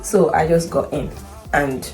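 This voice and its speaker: A woman's voice: sits low, steady tone, measured pace, over music. A woman from Nigeria, a nurse, telling a personal story and giving advice in an earnest, chatty way full of "you know" and repeats. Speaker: international nurse, vlogger.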